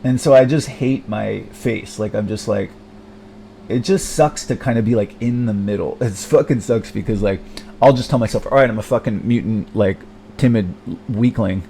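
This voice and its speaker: A man's voice: lowish voice, moderate pace, vocal fry, mellow, a little hiss or hum. Hesitant young man rambling alone. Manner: hesitant, many fillers and restarts, self-deprecating, swears often. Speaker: vlogger. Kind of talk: rambling personal monologue.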